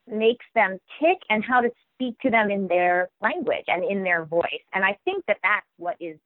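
A woman telling about writing picture books, lively and expressive, slipping into children's voices. Her voice comes through a thin, phone-like line with no room sound around it. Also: mid-range voice, no echo. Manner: animated, acts out children's voices while telling. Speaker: children's book author. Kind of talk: podcast interview answer.

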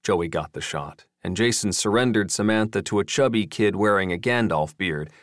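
A man narrates an audiobook in a steady, wry storytelling manner. His voice sits a little low. The recording is dry and close. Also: moderate pace, no echo.

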